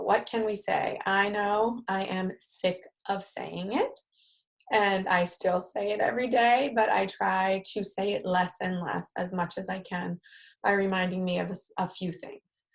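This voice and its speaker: A woman with a medium-pitched, creaky voice and fairly even intonation speaks unhurriedly with a New York accent while leading a live-streamed parenting workshop. Her manner is conversational, and she acts out example phrases one might say to children.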